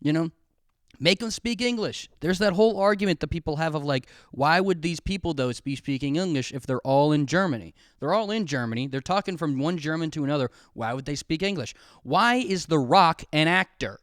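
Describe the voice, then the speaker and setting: A man's voice: a little high, lively intonation, a little fast, a bit bright, no echo, clean studio sound. Profane young man ranting alone. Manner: profane, rambling, self-mocking, acts out quoted voices. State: drinking alcohol. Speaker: podcast host. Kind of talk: solo comedic rant. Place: alone at home, filming himself. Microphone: camera pointed at his face.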